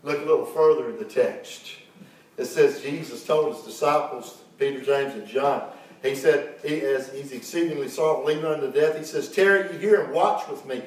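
A man's voice: medium pitch, steady tone, moderate pace, darkish tone. A middle-aged man preaching an impassioned sermon as pastor, building to fervent peaks. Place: church sanctuary. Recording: very echoey room, mic at a distance.

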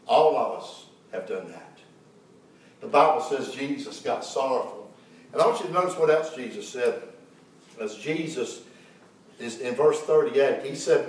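A middle-aged pastor preaching with rising passion, his voice pitched notably high for a man. The sound is heavily echoey, picked up from a distance in a church. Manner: impassioned preaching, swelling to fervent peaks. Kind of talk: sermon. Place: church sanctuary. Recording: very echoey room, mic at a distance.

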